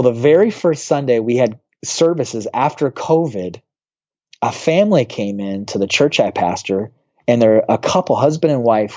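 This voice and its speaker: Man telling a story in animated bursts. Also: medium pitch, muffled recording. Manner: animated storyteller who acts out quoted voices. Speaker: pastor. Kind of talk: storytelling on a podcast interview.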